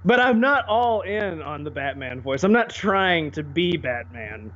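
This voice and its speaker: A man co-hosting a podcast in casual chat, animated and quick to laugh and put on voices. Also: fairly high pitch. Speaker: podcast co-host. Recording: dull lo-fi audio.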